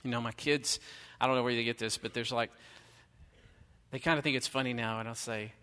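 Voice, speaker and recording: Middle-aged male pastor, bright forceful tone, casual sermon delivery, long hall reverb. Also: mid-range voice, steady tone, a little fast, clear, resonant tone. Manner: conversational preaching, emphatic rhetorical questions.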